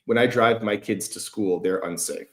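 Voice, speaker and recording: Male host, lowish voice, loose and profane, casual chat. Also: normal speed, a bit bright. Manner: loose, profane, lots of fillers. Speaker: host giving feedback. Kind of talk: casual conversation.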